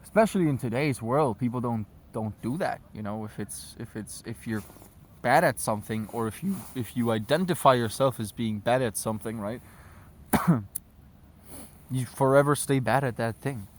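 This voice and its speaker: A man's voice: mid-range voice, moderate pace. A man vlogging outdoors on his phone at sunset, rambling loosely with constant swearing. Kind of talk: casual rambling rant to camera.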